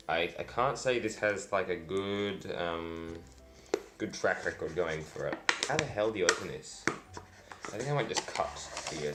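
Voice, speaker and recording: Deep-voiced man rambling through a food review. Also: a bit bright. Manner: dry, self-deprecating, rambling with fillers. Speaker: food vlogger. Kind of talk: casual food review vlog.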